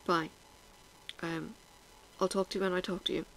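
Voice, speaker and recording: A woman's voice: fairly low pitch, level tone, quick pace, soft background music, low-quality recording. A woman, chatting frankly and bluntly to her viewers in a casual vlog, teary and sniffling. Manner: blunt, frank and self-mocking, with swearing and laughs. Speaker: vlogger.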